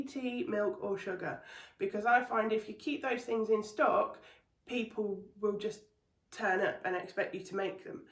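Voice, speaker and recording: A woman's voice: medium pitch, reverberant, distant mic. A woman doing stand-up comedy in a chatty, swearing, ranting manner, recording at home. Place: home room.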